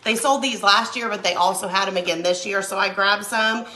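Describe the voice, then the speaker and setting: Hoarse woman hosting a craft stream. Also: medium pitch, a little fast, bright, forceful tone, slight background noise. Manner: chatty, greets viewers by name. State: hoarse from a cold. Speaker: craft livestream host. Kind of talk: casual live craft stream.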